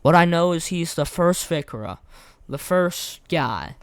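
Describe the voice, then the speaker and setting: Young man, hoarse voice, slangy rambling game commentary, slightly high pitch, dry close sound. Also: animated, unhurried, no room sound. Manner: rambling, slangy, repeats himself. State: hoarse, losing his voice. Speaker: gaming content creator. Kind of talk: casual gameplay commentary.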